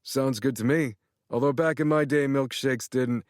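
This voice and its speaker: A man's voice: medium pitch, fairly even intonation, moderate pace, no room sound, studio quality, voice pushed up, close to an everyday voice. A man playing a jovial, teasing older man in an audiobook, talking in a joking, blustery way.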